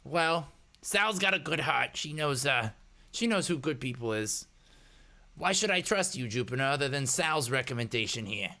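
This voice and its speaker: A man voicing a skinny young male hacker who is jumpy, suspicious and swears loudly. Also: medium pitch, expressive, moderate pace, pitched above the performer's own voice.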